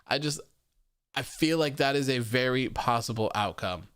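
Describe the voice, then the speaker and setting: A man's voice: mid-range voice, expressive, moderate pace, fairly bright tone, clear, resonant tone, dry recording, clean studio sound. A young man hosting a live wrestling post-show, chatting casually, reading viewer comments aloud and laughing often.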